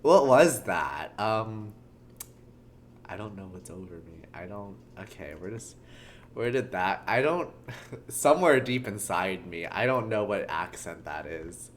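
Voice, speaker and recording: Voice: sits low, expressive, measured pace, slight background noise. A streamer chatting casually while reading a game aloud, giggly and full of fillers.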